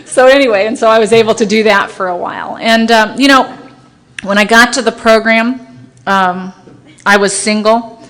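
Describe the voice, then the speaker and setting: A woman's voice: fairly high pitch, normal speed, a bit bright. A woman lawyer sharing her personal recovery story with an audience, self-mocking and often laughing at her own story. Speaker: speaker at a recovery meeting.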